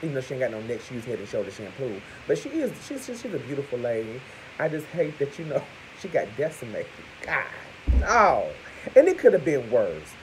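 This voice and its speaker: A man giving crude, profane gossip commentary to his viewers, talking to them as "y'all" and punctuating points with loud exclamations. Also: medium pitch, a little fast, slight background noise, poor audio. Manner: animated, crude, keeps calling out "Hello!". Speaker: vlogger.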